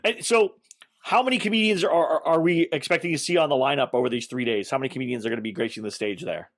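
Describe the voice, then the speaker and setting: Fast-talking man hosting a podcast. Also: medium pitch, a bit bright. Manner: rambling, loosely worded questions. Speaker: podcast host. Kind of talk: casual podcast interview.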